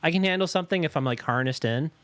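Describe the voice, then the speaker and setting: A man's voice: a little high, rapid-fire, dry recording. A man co-hosting a podcast, telling stories in casual chat, swearing often and acting out the voices of the people he quotes. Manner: profane, animated, acts out quoted voices. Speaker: podcast co-host.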